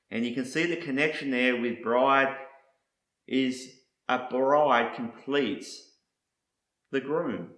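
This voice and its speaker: A man teaches in a slow, measured delivery, laying out each word meaning one by one. His voice is bright and forward. The room around him gives back a clear echo. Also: medium pitch. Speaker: Bible teacher.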